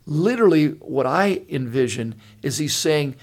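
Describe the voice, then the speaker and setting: An older man who is a pastor hosts a casual podcast conversation, his voice fairly high-pitched at normal speed. He talks earnestly and animatedly, telling stories with lots of restarts.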